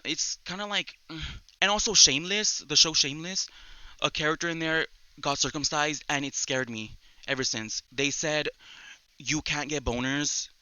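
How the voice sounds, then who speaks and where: A young man hosting a casual solo chat podcast, rambling excitably and often restarting his sentences. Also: fairly high pitch, smooth, no echo, highs cut off. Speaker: podcast host.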